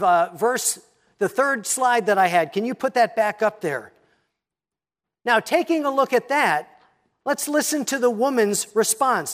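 A pastor preaching a sermon, teaching in a measured tone and reading scripture aloud. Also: mid-range voice.

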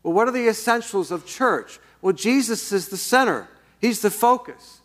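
Middle-aged guy preaching a casual folksy sermon, slightly high voice, lots of ums. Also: lively intonation, normal speed, fairly bright tone. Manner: folksy, conversational preaching with fillers. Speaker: pastor.

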